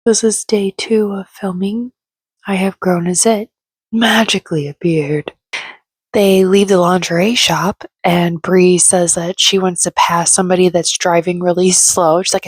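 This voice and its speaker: A woman's voice: on the low side, fairly even intonation, normal speed, dry recording. A young woman recapping a reality show in casual, gossipy, sarcastic chat. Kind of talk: casual chatty commentary.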